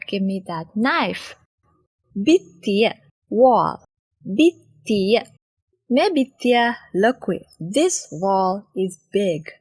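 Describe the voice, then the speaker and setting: A young woman who speaks Sinhala natively, teaching a vocabulary lesson and repeating each word slowly and carefully. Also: fairly high pitch, dry recording. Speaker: language teacher. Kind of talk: slow, clear vocabulary lesson.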